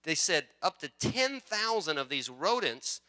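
Bright-voiced male pastor telling stories. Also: a little high, unhurried. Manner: animated storytelling, rising excitement. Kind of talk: sermon.

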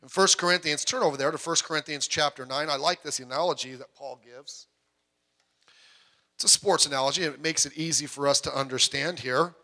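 Man, middle-aged pastor, sermon, high voice, bright tone, animated, joking. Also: brisk. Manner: animated, joking, with sudden loud outbursts; puts on voices when quoting people.

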